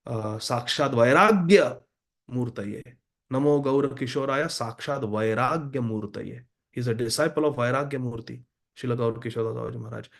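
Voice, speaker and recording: Gravelly-voiced man giving a devotional talk. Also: mid-range voice. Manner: earnest, addresses listeners directly. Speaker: Bhagavatam class speaker. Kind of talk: devotional class lecture.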